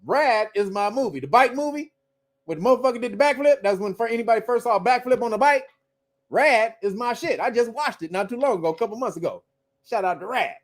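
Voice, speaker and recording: A male show host in casual livestream commentary, animated and profane, laughing often between his points. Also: very high voice, fast.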